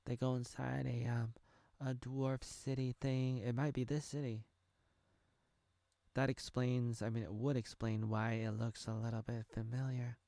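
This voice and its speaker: A man's voice: mid-range voice, flat delivery, a little slow, warm tone, no room sound, studio quality. A man in his thirties from the United States giving a rambling, jokey reaction commentary while watching a show. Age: 30s. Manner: rambling, jokey, thinking aloud. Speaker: reaction video creator.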